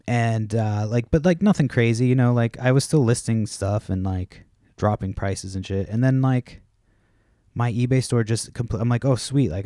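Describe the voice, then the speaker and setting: Low-voiced guy rambling on his podcast, swears a lot, dry close sound. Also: warm tone, dry recording. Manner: casual, profane, acts out quoted people. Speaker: podcast host.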